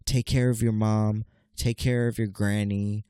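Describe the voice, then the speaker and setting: This man in his late twenties hosts a casual solo podcast, speaking directly to listeners and repeatedly calling them "people." His lowish, congested, nasal voice keeps a level tone and measured pace, mellow despite his rambling, stammering delivery. The recording is dry and studio quality.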